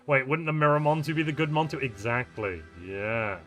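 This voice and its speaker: Bright-voiced chatty male streamer. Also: medium pitch, animated, moderate pace, faint music behind. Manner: chatty, answers viewer chat, playful and jokey. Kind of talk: live-stream chat while gaming.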